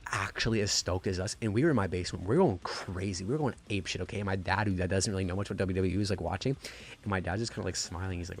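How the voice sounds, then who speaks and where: A man giving a rambling, gushing, profane wrestling review in a casual excited style. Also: deep voice, racing, slight background noise.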